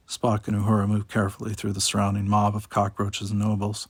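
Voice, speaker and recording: Gravelly male audiobook narrator. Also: lowish voice, a little fast, hardly any pauses, no room sound. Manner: steady storytelling.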